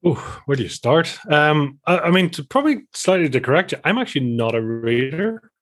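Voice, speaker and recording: A man's voice: a little high, sing-song, fairly quick. A man in his forties with a Northern Irish accent, chatting and rambling as a podcast guest. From Northern Ireland. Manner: chatty, rambling, restarts often. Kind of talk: casual interview chat.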